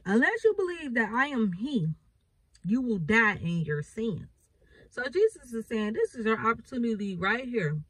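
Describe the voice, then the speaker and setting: Husky woman preaching from scripture. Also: a little high, sing-song, moderate pace, a bit bright, no echo, poor audio. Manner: reads scripture then explains it with emphatic repetition. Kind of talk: bible reading and sermon.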